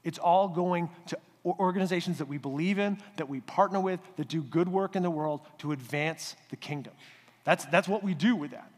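A male pastor giving a conversational, animated sermon in a church sanctuary. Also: a little high, brisk, in a large hall.

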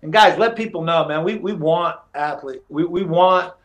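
Middle-aged guy on a podcast, kinda high voice, laughs while telling his stories, lots of restarts. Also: normal speed. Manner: animated storyteller, laughs through anecdotes, many restarts. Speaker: former fighter, podcast guest. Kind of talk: casual storytelling interview.

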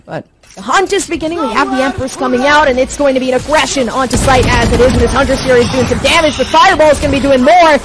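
A woman's voice: high-pitched, fast talker, poor audio. A woman casting an esports match live, often stammering and repeating her words. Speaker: esports caster. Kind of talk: live play-by-play commentary. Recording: clear background noise.

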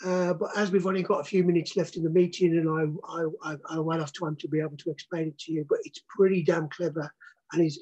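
A man's voice: high-pitched, a little mellow, husky. A man, the outgoing board chair, giving thanks in an online meeting with many fillers. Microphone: video call. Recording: dull lo-fi video call audio.

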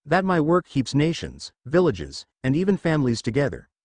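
Guy doing a pervy old toad sage, blustery and theatrical, pitch swinging all over, dry close sound. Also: huge pitch swings, moderate pace, no echo. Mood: grandiose. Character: lecherous old male toad sage mentor. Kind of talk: fan fiction audiobook reading.

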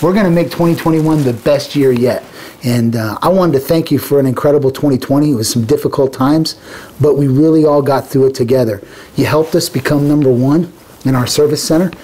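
A man pitching used cars at a dealership lot, with hyped, rapid price countdowns. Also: mellow. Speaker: car dealership salesman. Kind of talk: energetic sales pitch.

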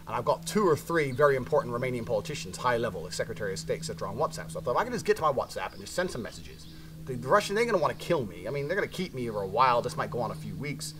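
Brash storyteller, British man, rapid-fire profane delivery, faint hiss behind. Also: medium pitch, very animated. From Britain. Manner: brash, swearing, emphatic. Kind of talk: profane anecdote telling.

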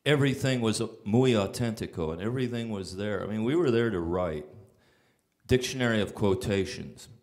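A man's voice: fairly low pitch, lively intonation, normal speed, darkish tone. A man, a songwriter, telling casual rambling stories on stage with frequent fillers and restarts. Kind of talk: casual anecdotal storytelling.

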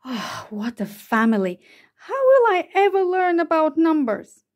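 A woman's voice: high voice, very animated, normal speed, voice pushed up. Spinderella, a woman voicing an eager little girl spider. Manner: bright, pleading questions. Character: smallest girl spider, eager, loves numbers.

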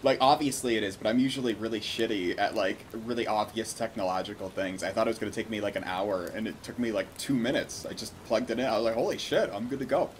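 A man's voice: fairly low pitch, steady tone, fast talker, hardly any pauses, slight background noise. A man hosting a casual livestream, greeting viewers by name and chatting loosely with some swearing. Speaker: livestream host.

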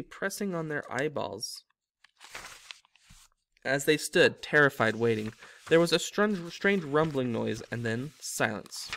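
A man's voice: medium pitch, animated, slow pace, gravelly, fairly bright tone, slight background noise. A man reading a novel aloud as a storyteller, with small slips that he corrects himself. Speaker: reader.

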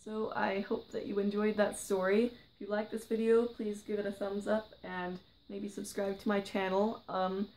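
A woman vlogger reading her own short story aloud, quiet and gentle. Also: medium pitch, little pitch movement, normal speed, few pauses, poor audio.

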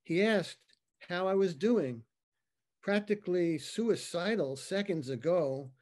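Slow, high-voiced poet reading aloud. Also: male voice, lively intonation, a little mellow. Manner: slow, dramatic reading with acted dialogue. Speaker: poet reading his work. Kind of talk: poetry reading.

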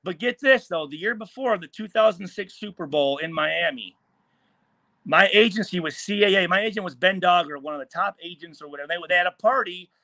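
Forties guest from Michigan, high-pitched, swears freely while storytelling. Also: male voice, a little fast, creaky, sharp tone, no room sound. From Michigan, USA. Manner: profane, heated, acts out quoted lines. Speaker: guest, former pro football player. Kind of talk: animated storytelling.

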